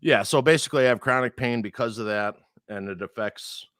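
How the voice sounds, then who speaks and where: An animated man in casual talk, telling his story with plenty of profanity and playing the people he quotes. His voice sits at an average pitch. The recording is close and dry, with no room echo. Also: brisk.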